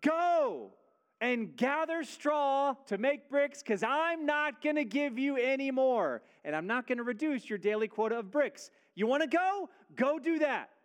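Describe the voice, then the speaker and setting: A man's voice: very high-pitched, sing-song, measured pace, clean tone, pitched above the performer's own voice, full character voice. A man voicing an arrogant, mocking male king in a sermon, with a sneering, taunting delivery.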